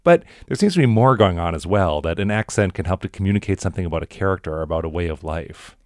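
A man's voice: low voice, animated, fast, dry recording, studio quality. A man co-hosting a radio talk show, reflecting in a thoughtful, analytical way.

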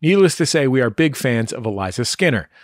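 A podcast host gives upbeat scripted introductions with a lively, moving pitch. His mid-range voice is recorded dry and close, with no room sound. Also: fairly quick, no echo. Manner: friendly, enthusiastic introductions.

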